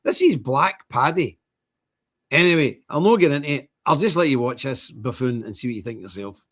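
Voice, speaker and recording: Ranting man, husky and lively. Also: medium pitch, normal speed. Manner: scornful, ranting, animated. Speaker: live stream host. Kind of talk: impassioned commentary.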